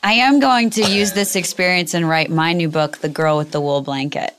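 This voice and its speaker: A woman on a casual podcast who tells her stories in a playful, deadpan way. Her voice sits a little low, and she talks easily and freely. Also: moderate pace. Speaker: guest.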